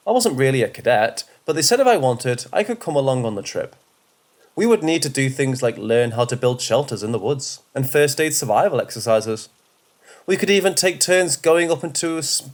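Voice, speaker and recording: A man reading first-person horror stories aloud in a steady, measured way. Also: medium pitch. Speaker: horror story narrator. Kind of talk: scripted first-person narration.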